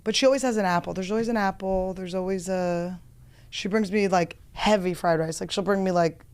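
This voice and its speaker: A woman's voice: mid-range voice, fairly even intonation, brisk, darkish tone, smooth. A woman hosting a podcast in a studio, rambling through self-mocking comic stories in casual chat. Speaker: podcast host.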